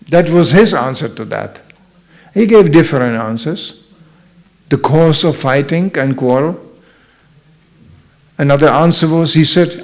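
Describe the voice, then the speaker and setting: A man's voice: fairly high pitch, normal speed, long pauses, darkish tone. A man with a Slovenian accent giving an informal spiritual talk, telling stories and acting out the voices of the people in them. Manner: storytelling, acts out quoted voices. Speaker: speaker at a temple program.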